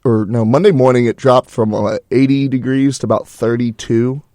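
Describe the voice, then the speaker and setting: A man's voice: medium pitch, steady tone, moderate pace, dark tone, no echo, studio quality. Young man chatting easily on college radio. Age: young adult. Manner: rambling, easygoing, laughs often. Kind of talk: casual chat. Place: radio studio. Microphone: studio mic.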